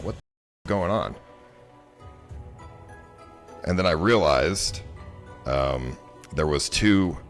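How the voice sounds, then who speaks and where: A man's voice: extremely low pitch, a bit bright. A man streamer telling a story to his chat in a casual, rambling way, exasperated and full of fillers and restarts. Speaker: livestreamer.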